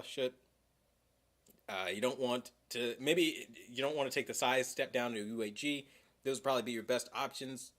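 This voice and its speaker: A young man hosting a livestream, talking in a heated, profane, rambling way with many fillers. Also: mid-range voice. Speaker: livestream host. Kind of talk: casual livestream chat.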